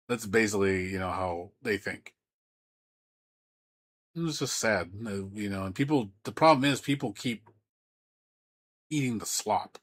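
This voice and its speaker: Husky-voiced man ranting on stream. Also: on the low side, lively intonation, measured pace, pauses often, fairly bright tone. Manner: profane, heated, stammering restarts. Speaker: game streamer. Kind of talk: live-stream rant.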